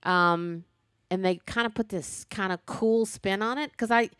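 A woman chatting casually about a TV show, animated and talkative with playful sass. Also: mid-range voice, unhurried, clean tone, dry recording, studio quality. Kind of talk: casual chat reviewing a TV show.

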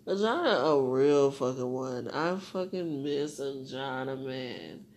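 A young woman hosting a solo podcast, talking to herself and rambling with lots of swearing, dropping to whispers and rising to loud venting. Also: extremely low pitch, lively intonation, takes it slowly. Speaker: podcast host.

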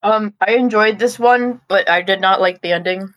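A woman co-hosting a casual podcast review, offhand and a little halting, recorded remotely over a call. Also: medium pitch, a bit bright, no room sound, rough recording. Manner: offhand, talks while chewing, with frequent ums and restarts. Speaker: podcast co-host.

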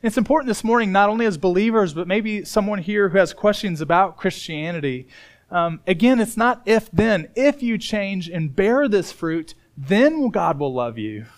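A middle-aged man from Indiana preaching a sermon as pastor, telling a personal story with loud emphatic moments and quiet earnest asides. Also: sits high, lively intonation, moderate pace.

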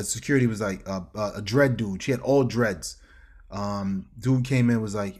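A middle-aged man from Harlem with a New York accent, a fashion designer telling stories as an interview guest, slangy and animated, acting out the people in his stories. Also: mid-range voice, moderate pace. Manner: animated storyteller who acts out voices, slangy. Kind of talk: casual storytelling interview.

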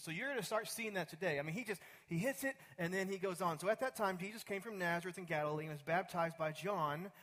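A man's voice: on the high side, low-quality recording. A man preaching a sermon as pastor, reading scripture aloud and stopping to muse, often repeating and restarting his words. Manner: earnest, stops to muse and repeat himself.

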